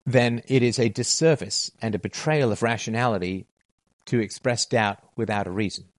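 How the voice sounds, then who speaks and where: A middle-aged man hosts a philosophy talk, delivering an emphatic monologue to listeners and repeating his key phrases. His voice is lowish and he speaks at normal speed. The recording is dry and studio-quality.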